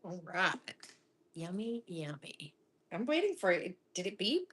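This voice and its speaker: A middle-aged woman from Florida hosts a live cooking stream from her home kitchen, her voice sitting on the lower side. She chats loosely and laughs often, now and then sinking into a soft half-whisper. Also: very animated, normal speed, slightly rough. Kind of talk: casual chat while cooking.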